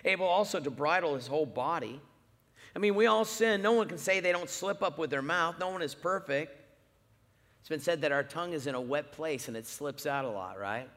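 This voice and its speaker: Brief: middle-aged male pastor, lively storytelling sermon, fairly high voice, long church-hall reverb. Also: a little fast. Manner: animated storytelling, wide swings in loudness.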